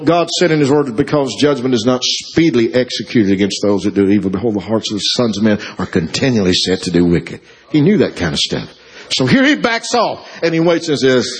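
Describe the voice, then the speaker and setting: A man preaching a sermon with a husky, slightly rough voice. His pitch is very lively, climbing high at the peaks and dropping low again. He draws out key phrases as he builds toward emotional climaxes. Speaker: pastor.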